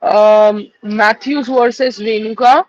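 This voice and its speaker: A woman host with a hoarse, unwell voice, briskly reading viewer comments aloud and answering them in a casual live chat. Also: fairly high pitch, fairly even intonation, darkish tone, no echo. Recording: dull lo-fi stream audio.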